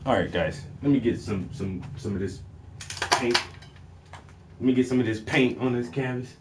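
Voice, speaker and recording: Medium-pitched and moderately paced, a man drawls his way through a relaxed livestream while painting in a home room under fluorescent lights. He swears a lot, leans on laid-back slang and laughs often. Heavy background noise runs beneath his voice.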